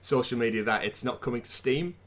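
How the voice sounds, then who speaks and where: A man's voice: medium pitch, a little fast. A man hosting a casual podcast, chatty and theatrical, recorded over a remote call. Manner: animated, theatrical build-ups. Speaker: podcast host. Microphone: remote call mic.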